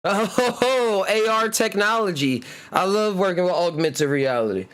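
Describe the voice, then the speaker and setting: A man hosting a podcast, reading out word origins slowly in a laid-back way and laughing often. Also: high voice, fairly bright tone. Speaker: podcast host. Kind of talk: casual solo chat reading etymology.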